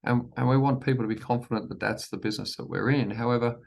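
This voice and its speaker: A man with a gravelly, fry-edged voice of ordinary pitch delivers a formal shareholder presentation. He speaks in a measured, deliberate way, circling back to the same phrases and often restarting mid-sentence with an "um". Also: fairly even intonation, a little mellow. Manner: measured, repeats key phrases, frequent restarts and ums. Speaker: company chief executive presenting to shareholders.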